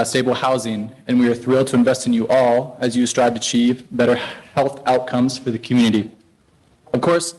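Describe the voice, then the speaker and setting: A man's voice: mid-range voice, a little mellow, rough recording. A man representing a community health partner, reading formal prepared remarks at a public meeting. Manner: formal, read-out, with occasional uh fillers.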